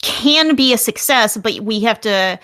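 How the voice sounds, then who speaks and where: A woman's voice: on the high side, animated, a little slow, sharp tone, no room sound, studio quality. A woman running a tabletop game as game master, narrating scenes and explaining rules in a rambling, thinking-aloud way.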